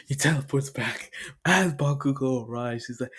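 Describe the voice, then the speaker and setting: A man's voice: medium pitch, steady tone, moderate pace, fairly bright tone. A young man casually retelling a cartoon story in his own words, rambling and chuckling as he goes.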